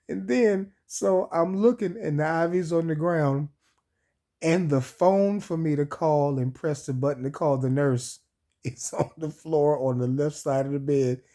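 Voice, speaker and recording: A man's voice: a little high, unhurried, dark tone. A man casually telling a personal story, laughing often, sore and recovering from surgery so that laughing hurts. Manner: laughs often while telling, addresses listeners as y'all. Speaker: vlog host.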